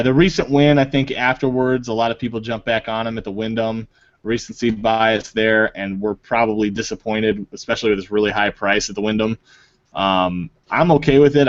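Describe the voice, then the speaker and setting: A man's voice: lowish voice, no room sound. A man hosting a casual fantasy golf chat, loose and jokey, swearing now and then, heard over an online call. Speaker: podcast host. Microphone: online call mic. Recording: dull lo-fi online call audio.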